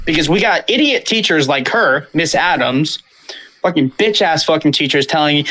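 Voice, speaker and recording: A man's voice: on the high side, lively intonation, moderate pace, sharp tone, low-quality recording. A young man telling a school story on a casual podcast, ranting and swearing, then apologizing. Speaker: podcast host.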